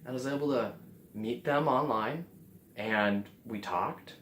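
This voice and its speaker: A vlogger talks casually to the camera in a man's medium-pitched, middle-register voice that is a little slow and a bit bright. He comes across as earnest and a little rambling, restarting phrases as he goes. The room sounds roomy with a noticeable echo off the walls, plus a little hiss or hum.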